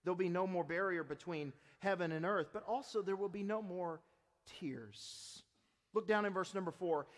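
A man with a high voice preaches a sermon, leaning hard into some lines and dropping to a near hush on others. His voice rings out with a long reverb. He speaks as a pastor to his congregation. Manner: swings between loud emphasis and soft, hushed delivery.

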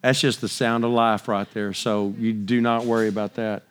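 A middle-aged man preaching a sermon, animated, his voice climbing higher when he gets excited. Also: moderate pace, clean tone.

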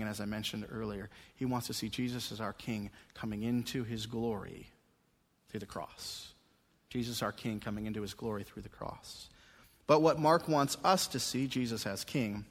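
Animated male pastor preaching in a reverberant sanctuary. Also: medium pitch. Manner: animated preaching, swinging from quiet asides to emphatic raised passages. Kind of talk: expository sermon. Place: church sanctuary during a service. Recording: long reverb of a church sanctuary.

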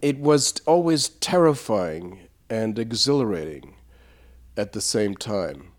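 A man recalling his theater touring days in an interview, storytelling with lively asides and frequent restarts. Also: fairly low pitch, takes it slowly. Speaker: interviewed former puppet theater actor.

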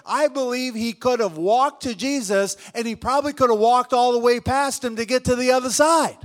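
A man preaching a sermon, swinging between loud emphatic lines and hushed ones and calling out to the congregation. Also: extremely high pitch, moderate pace. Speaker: pastor.

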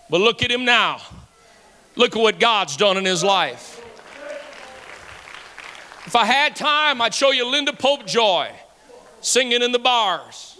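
A male pastor preaches in a church sanctuary, his high, bright voice climbing through repeated refrains until he is shouting. His manner is folksy, with drawled fillers between lines. A long reverb from the hall trails behind every phrase. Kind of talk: sermon.

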